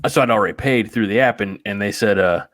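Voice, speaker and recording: A man with a fairly low voice, chatting casually as a podcast host. He tells everyday stories at a loose, rambling pace. The sound is dry and close to the mic. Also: quick pace, a bit bright, no echo. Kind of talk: casual chat.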